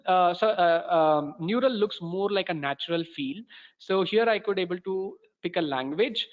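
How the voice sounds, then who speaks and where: A man with an Indian English accent giving a webinar demo walkthrough as course instructor. He keeps stopping to restart his sentences. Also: high voice. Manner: halting, many fillers and restarts. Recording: roomy, dull lo-fi sound.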